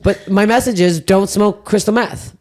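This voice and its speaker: A woman hosting a comedy podcast, telling stories in a casual, profane, animated way. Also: medium pitch. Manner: profane, rapid, animated storytelling. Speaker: podcast host. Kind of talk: casual comedic chat and storytelling.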